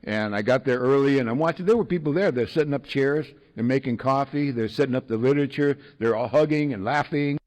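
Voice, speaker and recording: A man in the middle of a talk, spinning a personal story with wry, self-mocking humor. He sits at an average pitch, with frequent ums and chuckles along the way. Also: a little fast, hardly any pauses, darkish tone, rough recording. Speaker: speaker sharing a recovery story. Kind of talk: storytelling to an audience.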